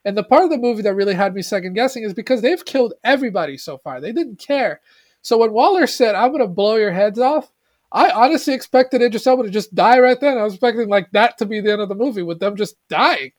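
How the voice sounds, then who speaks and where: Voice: medium pitch, lively intonation, quick pace. A podcast co-host talking casually about a movie in an earnest, rambling way, often restarting sentences.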